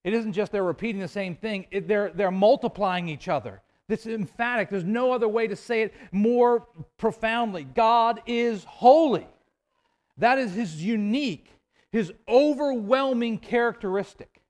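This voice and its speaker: A high-pitched man delivering a sermon. He shifts from quiet asides to booming emphatic declarations and tosses in playful jokes along the way. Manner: animated, swings between hushed asides and loud emphatic declarations. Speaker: preacher.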